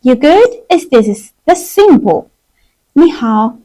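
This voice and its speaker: A woman runs a live-streamed language class, leading her viewers through slow repetition drills. Her talk is unhurried and her pitch rises and falls a lot, with a fairly high but mellow tone. Her English is simple and non-native. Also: very animated, rough recording. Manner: drills words slowly for learners to repeat. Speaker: Chinese teacher.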